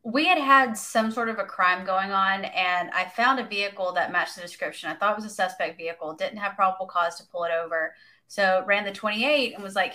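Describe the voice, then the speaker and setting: A woman's voice: lowish voice, fairly even intonation, fairly quick, sharp tone. A woman, a police officer on a podcast, telling her own story in a wry, casual way.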